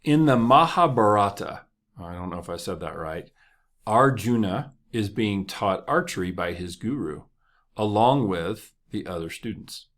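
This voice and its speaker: A man's voice: low-pitched, expressive, measured pace. A man hosting a motivational podcast, talking casually and joking as he tells stories. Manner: conversational, joking, laughs often. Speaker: podcast host.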